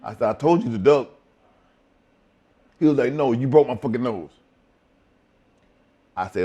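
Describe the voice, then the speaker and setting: A middle-aged man telling profane, animated stories as a guest in a shoot interview. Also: medium pitch, a little slow, long pauses, slightly rough. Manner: profane, animated storytelling with acted quotes. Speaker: interview guest, former wrestler.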